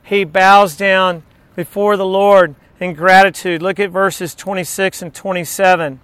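High-voiced man preaching a sermon. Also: steady tone, unhurried, fairly bright tone, clear, resonant tone, no echo. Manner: storytelling, asks the audience questions.

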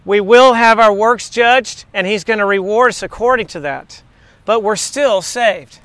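A man's voice: sits high, measured pace, a bit bright, no echo. A man preaching a sermon in a conversational way, telling stories and asking rhetorical questions. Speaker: pastor.

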